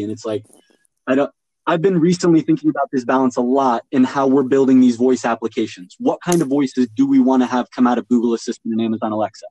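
A man's voice: mid-range voice, fast, dark tone, no echo, low-quality recording. A man hosting a casual podcast conversation, talking with enthusiasm and thinking aloud. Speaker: podcast host.

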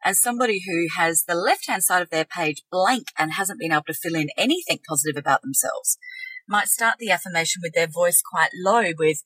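A woman's voice: on the low side, fairly quick, fairly bright tone, no room sound, poor audio. A woman co-hosting a casual spiritual podcast, acting out affirmations in shifting tones. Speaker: podcast co-host.

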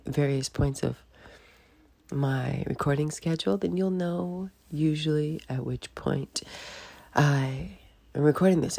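Woman podcast host, groggy morning voice, gravelly and low, rambling and laughing. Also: darkish tone. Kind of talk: casual monologue.

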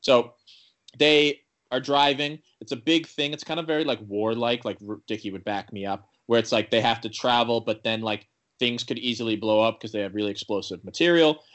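A man's voice: medium pitch, a little fast. A young man casually recapping a TV episode, rambling with many "like" fillers and acting out the characters' lines. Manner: rambling, full of "like" fillers and restarts; animated retelling with quoted character lines. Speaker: podcast co-host recapping a TV episode. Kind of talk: casual chat.

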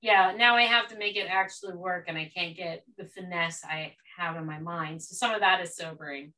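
A woman with a bright, forward voice, chatting casually and hedging her points with "like". She sits away from the microphone, so she sounds a little distant. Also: fairly low pitch, steady tone, brisk. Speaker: podcast co-host, writer. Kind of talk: casual chat.

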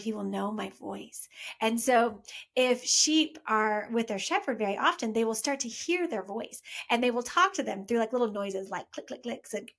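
A young woman giving a casual Sunday talk for families, conversational and full of questions to the listener. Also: a little high. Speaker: children's faith storyteller.

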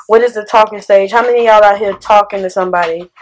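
A woman hosting a podcast, talking in a sassy, animated, conversational way. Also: medium pitch, quick pace, crowd noise, rough recording. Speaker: podcast host. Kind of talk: casual podcast chat.

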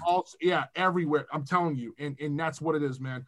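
Animated, swearing young man telling stories. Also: on the high side, a little fast. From Massachusetts. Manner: animated, profane, rambling. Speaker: music producer guest. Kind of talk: casual podcast chat.

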